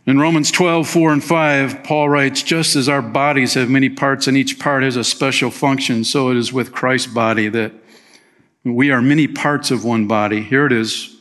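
Energetic preaching pastor, man. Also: medium pitch, moderate pace. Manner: energetic preaching, rising and dropping for emphasis; direct rhetorical questions to the congregation. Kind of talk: sermon.

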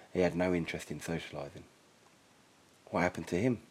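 Male narrator, first-person story: deep, husky, quiet and sombre. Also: a little slow.

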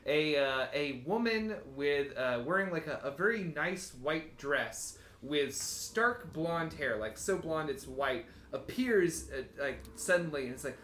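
Halting man narrating a tabletop game. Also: fairly high pitch, expressive, fairly bright tone, slight background noise. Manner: halting, many fillers and restarts. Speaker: game master. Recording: roomy echo.

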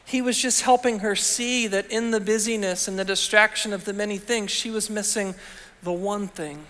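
A man's voice: sits high, fairly even intonation, normal speed, fairly bright tone. A man preaching a sermon in a church, talking to the congregation in a conversational way with frequent rhetorical questions. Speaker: pastor. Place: church sanctuary. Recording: long hall reverb.

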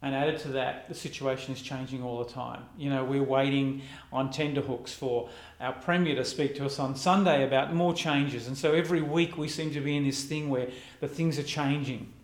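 Pastor preaching in an echoey room. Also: male voice, medium pitch, fairly even intonation. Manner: reflective, conversational preaching with pauses. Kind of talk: sermon.

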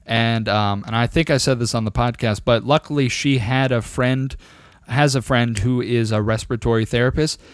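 A young man co-hosting a podcast, telling a long, profane, animated story in casual chat. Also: medium pitch, normal speed, dry recording, studio quality. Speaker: podcast co-host.

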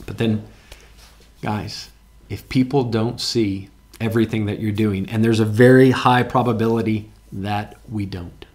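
A man's voice: lowish voice, steady tone, unhurried. A man preaching a sermon in a church, talking earnestly and conversationally, often repeating words as he goes and reading scripture aloud with emphasis. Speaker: pastor. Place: church sanctuary with congregation.

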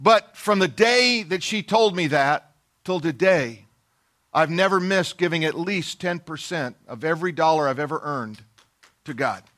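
A middle-aged man preaches with a high, bright voice. He tells a personal story in a folksy, self-deprecating way and slips into the voices of the people he quotes. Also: animated, measured pace. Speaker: pastor. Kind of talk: sermon storytelling.

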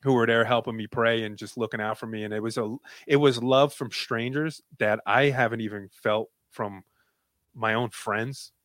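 A man's voice: medium pitch, steady tone, normal speed, fairly bright tone, no room sound. A man in his late thirties, a guest telling an emotional personal story in a casual, rambling way with many fillers. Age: 30s.

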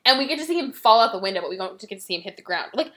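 A woman hosting a podcast, retelling a movie plot in casual, quick chat and acting out the characters' lines. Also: fairly high pitch. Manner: animated, quick retelling with acted-out quotes. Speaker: podcast host.

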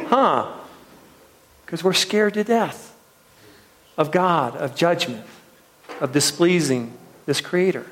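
A man leading a retreat, preaching earnestly, often repeating words and posing questions to his listeners. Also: on the high side. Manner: earnest, repeats words, trails softly then lifts with rhetorical questions. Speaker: retreat leader. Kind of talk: sermon. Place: retreat gathering room.

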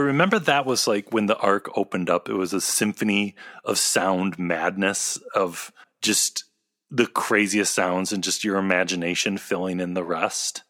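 A man's voice: on the low side, a bit bright. Upbeat man co-hosting a podcast. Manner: upbeat, jokey, steers the listening. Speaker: podcast co-host. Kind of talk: casual chat.

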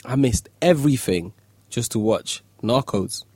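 A man's voice: medium pitch, expressive, a little slow, dark tone, husky, dry recording. A man chatting casually on a podcast in a laid-back way. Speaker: podcast co-host.

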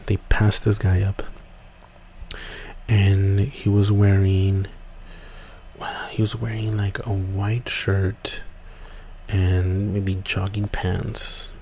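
A man's voice: low voice, little pitch movement, extremely slow, long pauses, mellow, a little hiss or hum. A man hosting a podcast, telling a story casually with many fillers and restarts. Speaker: podcast host.

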